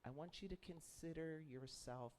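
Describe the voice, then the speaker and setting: Animated man telling a sermon story. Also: on the high side, normal speed, slight background noise. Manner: animated, acts out dialogue in the story. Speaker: minister. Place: spiritual center sanctuary.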